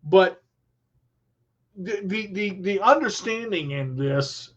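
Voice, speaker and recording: Brief: high-pitched male host, unhurried, preachy motivational talk, lo-fi stream sound. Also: expressive, slightly rough. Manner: preachy, repeats himself, addresses viewers as y'all. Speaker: show host.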